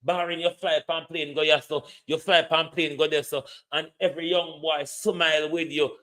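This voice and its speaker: Hosting an online show, a Jamaican-accented man delivers a political commentary rant, blunt and mocking, capping his points with a rhetorical "hmm?" His voice is on the high side, bright and forceful, with little pitch movement and a moderate pace.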